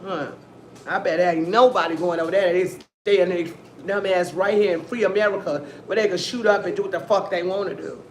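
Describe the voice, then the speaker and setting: A woman hosting a casual commentary stream, telling stories in a rambling, profane, animated way. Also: fairly low pitch, fairly quick. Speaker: host of a news-and-commentary stream. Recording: echoey room, faint background noise.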